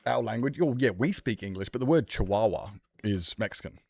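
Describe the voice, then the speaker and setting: Male streamer, lowish voice, close dry mic, rambling, casual swearing. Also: animated, a little fast, vocal fry, a little mellow, no room sound. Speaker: livestreamer. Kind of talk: casual chat with viewers while gaming.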